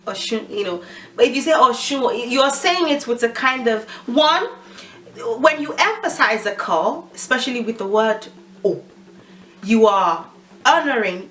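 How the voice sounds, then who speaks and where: A woman's voice: on the high side, fairly bright tone. Woman teaching. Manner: explains informally, laughs at own slips. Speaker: language teacher. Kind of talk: casual spoken lesson.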